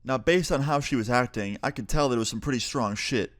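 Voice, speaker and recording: A young man and YouTuber telling a story in an animated, profane, excitable way. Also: medium pitch, quick pace, no echo, clean studio sound. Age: young adult. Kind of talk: storytime vlog.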